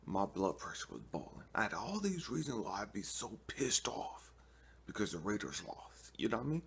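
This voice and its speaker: A man's voice: on the low side, normal speed, creaky, husky. A man from California preaching casually to camera, telling stories with street slang and acting out both sides of a conversation. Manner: animated storytelling, acts out both sides of a talk; streetwise slang, keeps asking "you know what I mean". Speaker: online preacher.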